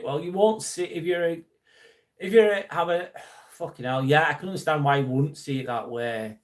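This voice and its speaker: A man's voice: on the high side, moderate pace. A man from England with a Lancashire accent, hosting a live stream in casual chat, reading viewer comments aloud and answering earnestly with the odd swear. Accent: Lancashire English. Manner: earnest, supportive, swears now and then.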